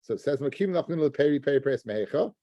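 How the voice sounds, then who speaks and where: A man's voice: medium pitch, animated, rapid-fire, warm tone, no echo, muffled recording. A man teaching a daily Talmud class, explaining step by step and often restarting words as he addresses his listeners as guys.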